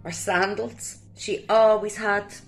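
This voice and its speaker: An Irish woman sharing lively, colloquial stories in a personal tribute to her late cousin. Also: mid-range voice, slow pace, soft background music. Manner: lively anecdotal storytelling, colloquial. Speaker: guest sharing memories of a cousin.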